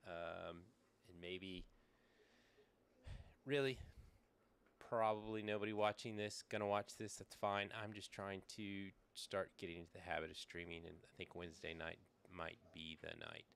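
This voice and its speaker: A man's voice: deep voice, normal speed, gravelly, smooth. A middle-aged man streaming from a small shed, chatting casually and rambling through his setup with plenty of fillers. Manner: rambling, relaxed, thinks aloud with fillers. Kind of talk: casual live-stream chat. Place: small backyard shed with air conditioner running. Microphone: desk microphone, sometimes leaning away.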